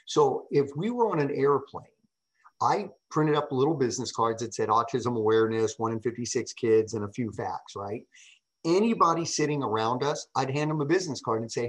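A middle-aged man, a podcast guest and public speaker, telling stories in a casual interview with an animated, emphatic manner, often asking "right?". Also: mid-range voice, brisk, low-quality recording.

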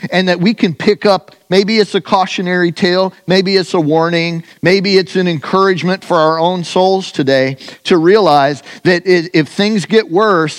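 A man preaching a sermon as pastor, animated, swinging between loud emphatic highs and hushed, conversational lows, with casual asides and restarts.

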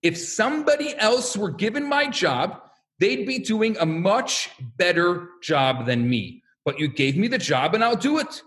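A man's voice: high-pitched, big pitch swings, a little slow, a bit bright, heavily acted. Humble reluctant prophet, earnest and self-effacing, played by a man telling the story. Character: humble reluctant male prophet, plain-spoken.

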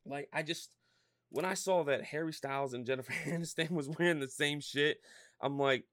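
This podcast host, a man in his thirties, goes off on a casual rant full of curses and verbal fillers. His voice is a little high at a normal speed, and the recording is dry.

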